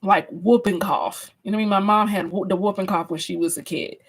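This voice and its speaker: In a husky, mid-range voice with a steady tone, a woman teacher talks fairly quickly during a casual live-stream class. She addresses her viewers directly, restarts her sentences often, and the audio is low quality.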